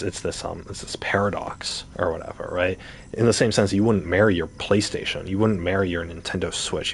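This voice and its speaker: A man with a very low voice rants over his gameplay, firing off rhetorical questions and swearing as he goes. His talk is casual and animated, and a faint background hiss sits under it. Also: creaky. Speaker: gaming streamer. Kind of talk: casual rant while gaming.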